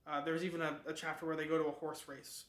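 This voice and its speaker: A man hosting a book club gives a loose, rambling summary. His voice is bright and a little high. The room has a lot of echo. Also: level tone, fast talker. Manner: rambling, lots of fillers and restarts.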